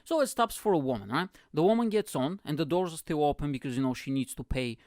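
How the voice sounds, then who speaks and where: Man, podcast host, comedic rant, sweary, animated, slightly high pitch, dry room. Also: fast talker, dry recording. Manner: rambling, sweary, animated storytelling. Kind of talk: comedic monologue.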